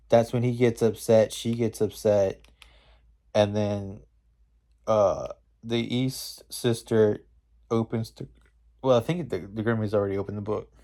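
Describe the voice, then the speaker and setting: Low mellow dude chatting slow, slangy, lots of um and like. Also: male voice. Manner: rambling, slangy, with many fillers and restarts. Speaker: movie reviewer. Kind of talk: casual scene-by-scene movie recap.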